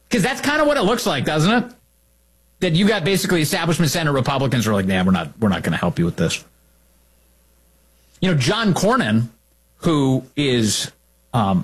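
Husky-voiced, sarcastic male political commentator. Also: fairly high pitch. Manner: sarcastic, indignant, emphatic.

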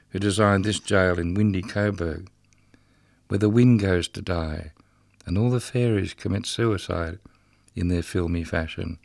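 A man's voice: low-pitched, creaky, no room sound, voice pushed down. A man reading a rhythmic dramatic monologue as the ghost of a murdered, drunken prison guard, bitter and mocking. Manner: rhythmic, incantatory delivery.

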